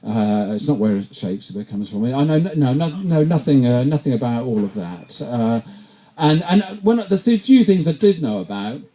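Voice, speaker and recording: Rambling English man doing stand-up, mellow voice. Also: mid-range voice, big pitch swings, normal speed. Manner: rambling, self-deprecating, stumbles and repeats words often. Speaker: stand-up comedian. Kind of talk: stand-up set at a comedy night. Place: pub comedy night.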